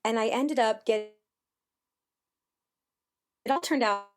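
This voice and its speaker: A woman in her forties, a podcast guest telling stories in a chatty, animated way over a remote call. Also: a little high, slow pace. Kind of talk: casual conversational interview.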